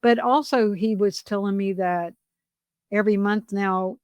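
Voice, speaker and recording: A woman's voice: medium pitch, unhurried, smooth, no echo. Middle-aged woman cohost, open and confessional, acts out her quotes, dry close sound. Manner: open, confessional storytelling with lively re-enacted quotes. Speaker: podcast co-host. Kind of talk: candid casual chat.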